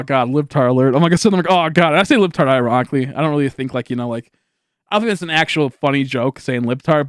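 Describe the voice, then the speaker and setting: A young man with a high-pitched, fairly bright voice tells a rambling story on a casual livestream, swearing a lot and laughing throughout. The sound is clean studio quality with no echo.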